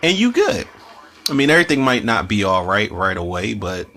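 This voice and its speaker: A man's voice: on the low side, big pitch swings, a little fast, sharp tone. A young man hosting a loose, casual movie commentary, cursing freely and rambling through slang-filled asides.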